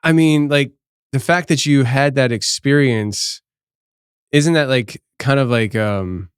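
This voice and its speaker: Speaking slowly in a clear, resonant, medium-pitched voice, this man hosts a casual podcast interview. His questions are long and rambling, full of restarts, and the studio recording is clean and dry.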